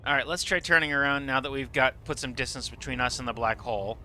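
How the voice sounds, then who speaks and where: A man's voice: medium pitch, quick pace, pushed and bright, slight background noise. A man streaming a game live, explaining what he sees with enthusiasm and casual swearing. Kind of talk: live gameplay commentary.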